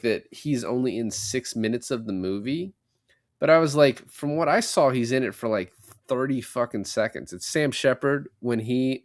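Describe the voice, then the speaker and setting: A young man talks through a movie plot on a casual podcast. He curses often and slips into quick impressions of the characters as he retells each scene. His voice sits at an ordinary middle pitch. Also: dry recording, studio quality. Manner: animated retelling, swears a lot, acts out lines. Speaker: podcast co-host. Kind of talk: casual movie recap chat.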